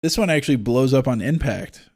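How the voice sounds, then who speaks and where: A man's voice: mid-range voice, lively intonation, brisk, a little mellow. A man from Florida with a neutral accent, chatting about games at home in a joking, irreverent way, swearing freely and slipping into mock rants. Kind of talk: casual gaming chat.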